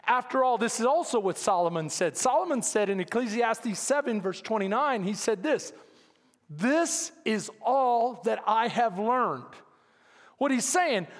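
A man with a very high voice and a Texan accent preaches to his congregation, telling funny stories and acting out both sides of conversations. He keeps asking for amens as the sound lingers in a long church reverb. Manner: humorous storytelling, acts out dialogue, calls for amens. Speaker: pastor. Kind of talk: sermon.

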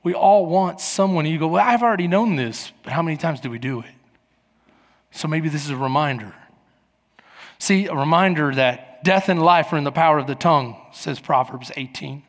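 With a fairly high pitch and a moderate pace, a middle-aged man preaches a sermon as pastor. He tells stories with lots of animation, voicing the people in them, all under a long hall reverb.

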